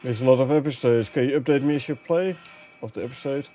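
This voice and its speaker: A relaxed young man with a Dutch accent, his first language Dutch, chatting casually with his viewers as he streams a game and reads out their questions. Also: medium pitch, fast talker, soft background music. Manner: relaxed, chatty, chuckles often, drifts between languages. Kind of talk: casual gameplay commentary, reading chat.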